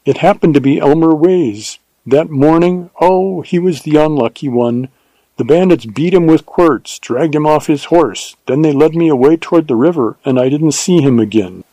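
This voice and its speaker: A man's voice: a little high, normal speed, dark tone, no echo, pitched above the performer's own voice, low-quality recording. A man reading an audiobook, voicing a spirited, imperious young woman in a raised, lilting voice. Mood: earnest.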